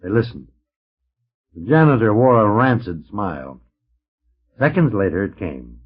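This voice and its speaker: A man reading a science fiction story aloud in an expressive narrating voice, taken from an old, dull-sounding record transfer. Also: on the low side, a little slow, husky. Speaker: audiobook narrator. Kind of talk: scripted narration.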